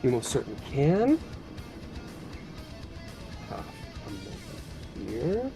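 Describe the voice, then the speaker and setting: A man's voice: mid-range voice, wildly swooping pitch, slow pace, dark tone. A man narrating a tabletop game as game master, in a loose, casual style full of fillers. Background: faint background music.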